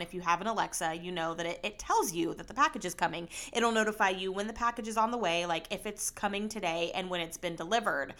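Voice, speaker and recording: A young woman talks through her podcast in a loose, rambling way. Her voice is bright and forceful, and it jumps up in pitch and volume when she stresses a point. She keeps things casual and chatty, as if talking to friends. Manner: chatty, rambling, animated with bursts of emphasis. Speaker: podcast host. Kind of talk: casual solo podcast chat.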